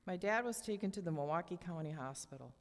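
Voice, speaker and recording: An older woman reading her personal memoir aloud at a lectern, with measured, dramatic storytelling. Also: fairly low pitch, lively intonation. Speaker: memoir reader. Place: church hall lectern. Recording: long church hall reverb.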